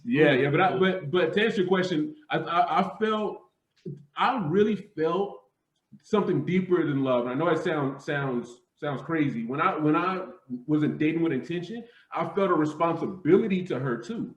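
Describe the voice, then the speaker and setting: A fairly high-voiced man from Dallas speaks earnestly as a podcast guest, laughing easily and often restarting his sentences. The clip sounds roomy and muffled, like playback of an earlier recording. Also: expressive, normal speed. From Dallas, Texas. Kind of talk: casual interview talk. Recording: echoey, dull played-back clip.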